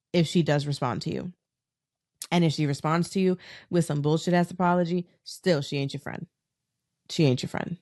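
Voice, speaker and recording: A woman with a low voice hosts a candid solo podcast, frank and profane yet reassuring. She talks close into her camera on a dry recording, choked up and near tears. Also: a little mellow, dry recording. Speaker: podcast host. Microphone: talking into her camera.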